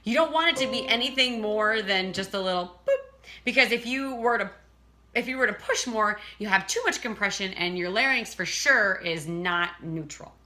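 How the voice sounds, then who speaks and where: A woman's voice: mid-range voice, animated, moderate pace, pushed and bright. A woman teaching a casual singing lesson, chatting and breaking off to demonstrate vocal sounds.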